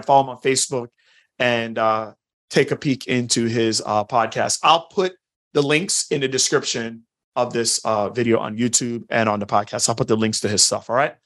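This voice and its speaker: A man's voice: mid-range voice, normal speed, a bit bright. A chatty male podcast host. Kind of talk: casual interview chat.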